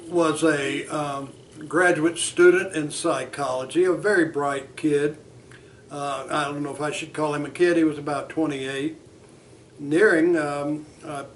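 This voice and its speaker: A man, a psychotherapist, teaching a lesson in a deliberate, measured way and acting out a session. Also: fairly high pitch, a little hiss or hum. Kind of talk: teaching lesson with role-play.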